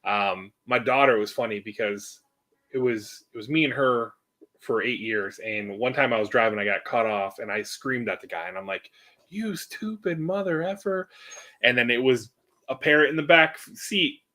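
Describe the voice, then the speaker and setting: Animated storytelling man, casual chat. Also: fairly low pitch, moderate pace. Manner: animated storyteller, acts out quotes. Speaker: host.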